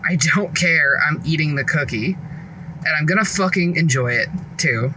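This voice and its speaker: A woman's voice: low-pitched, animated, normal speed, bright, forceful tone, a little hiss or hum. A woman and mom venting her frustrations in a casual vlog from her car, swearing often, recorded on her phone. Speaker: vlogger and mom. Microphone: phone camera.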